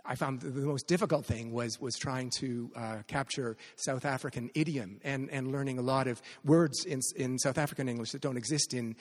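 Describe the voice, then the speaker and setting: Canadian male novelist, mid-pitch, halting delivery full of restarts, live reading in a hall with a long echo. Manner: hesitant, many restarts and fillers. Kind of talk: live author talk at a literary event. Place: venue at a literary festival.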